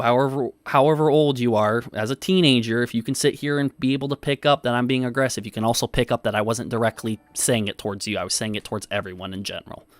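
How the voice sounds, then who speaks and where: Dude streaming, defensive and cussing at chat, dry sound. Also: male voice, medium pitch, no echo. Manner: defensive, swears often, reads chat aloud. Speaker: livestream host. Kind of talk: casual livestream commentary.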